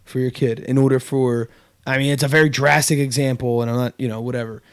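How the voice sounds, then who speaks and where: A man's voice: medium pitch, steady tone, fast, smooth. A man hosting a casual podcast chat, telling a story with lots of fillers and restarts. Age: adult with kids. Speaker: podcast host.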